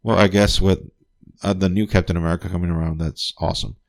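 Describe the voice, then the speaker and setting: Low-pitched guy rambling about a movie on his podcast, swearing and laughing a lot. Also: steady tone, fast talker. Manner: loose and profane, with frequent fillers and restarts; laughs often, enthusiastic. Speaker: podcast host reviewing a film. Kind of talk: casual spoken review.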